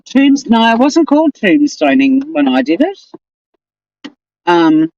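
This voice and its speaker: A woman's voice: lowish voice, sing-song, takes it slowly, a little mellow, lo-fi sound. A woman with an Australian accent, hosting a casual live stream and chatting in a rambling, exasperated way.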